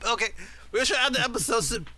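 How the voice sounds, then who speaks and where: A man co-hosting a casual gaming podcast, reacting quickly in an animated way. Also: very high voice, very noisy. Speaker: podcast co-host. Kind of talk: casual chat.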